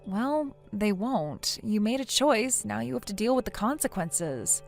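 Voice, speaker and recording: A woman's voice: mid-range voice, animated, a little slow, vocal fry, soft background music. A synthetic woman's voice playing a blunt young woman who lectures her friend sternly in a text-message story. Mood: scolding. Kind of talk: text-to-speech text story narration.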